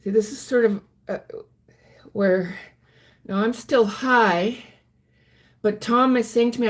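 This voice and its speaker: A woman recounting her own past in a halting, earnest personal story, with frequent restarts. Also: medium pitch. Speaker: vlogger recounting her life.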